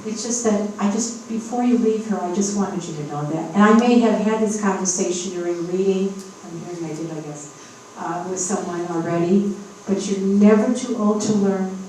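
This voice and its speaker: A woman's voice: mid-range voice, normal speed, dark tone. A woman in her fifties, a spiritual medium, giving an emphatic, encouraging workshop talk to a live audience and often checking in with the crowd. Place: event room at a hotel. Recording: echoey room, distant, faint hiss.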